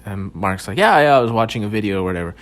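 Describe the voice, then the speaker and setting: Brief: young male podcaster, deep low voice, loose profane rambling monologue, frequent false starts. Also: animated, very fast. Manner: rambling, profane, stumbling restarts. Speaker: podcast host. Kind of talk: casual solo podcast monologue.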